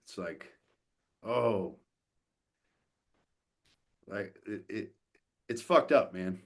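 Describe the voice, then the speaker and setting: A podcast guest with a low, husky voice. He coaches fathers and talks bluntly, swearing freely and acting out quoted conversations as he goes. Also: drawn-out words. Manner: blunt and profane, acts out quoted dialogue.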